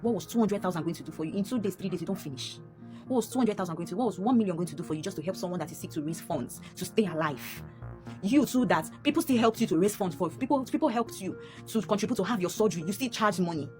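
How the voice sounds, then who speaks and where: A young adult woman with a Nigerian accent telling a painful personal story, animated and repeating herself, her voice rising sharply when upset. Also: mid-range voice, fast, soft background music.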